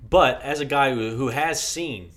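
A young man from Virginia, telling a rambling, foul-mouthed story on a podcast. His voice is bright and forward, and it sits at an ordinary middle pitch for a man. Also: unhurried. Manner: swears freely, rambling with restarts. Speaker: podcast co-host. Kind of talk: casual storytelling chat.

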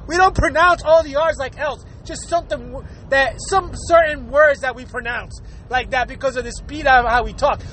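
A man from Puerto Rico in a casual, profane monologue, talking fast, swearing freely and laughing often. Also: extremely high pitch, fairly bright tone, a little hiss or hum, poor audio.

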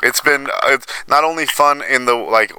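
A man's voice: mid-range voice, moderate pace, pushed and bright, clean tone, no room sound, poor audio. A man chatting casually as a podcast co-host, laid-back and rambling with fillers.

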